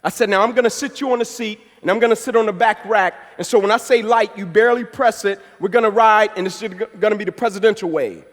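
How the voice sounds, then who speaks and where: A man in his thirties from the United States giving a passionate, energetic motivational speech, full of storytelling. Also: high-pitched, fast, few pauses. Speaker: motivational speaker. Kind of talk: inspirational speech. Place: large banquet hall. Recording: echoey hall.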